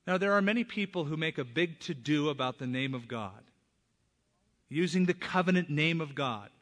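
A man's voice: on the high side, animated, moderate pace. A man preaches with a slightly raised, emphatic voice, pressing hard on key words. His sermon carries a long reverb from a large church hall. He speaks as a pastor from the pulpit. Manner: emphatic, rising to loud stresses on key words.

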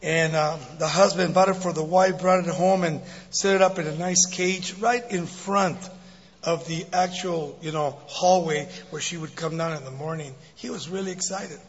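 A man in his sixties preaching as a guest speaker, telling a joke and then his life story, animated and laughing often. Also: a little high, normal speed, slightly rough. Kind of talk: sermon with jokes and testimony. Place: church sanctuary. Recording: dull recording in a big reverberant hall.

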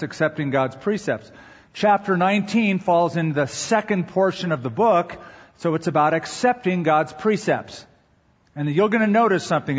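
A man delivers a sermon in a measured, deliberate way, slowing down to weigh each word when he reads the verses. His voice sits a little high and has a husky edge. The recording is dull and lo-fi, with a long reverb trailing off the walls of a large hall. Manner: measured preaching, reads scripture slowly with emphasis. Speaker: pastor.

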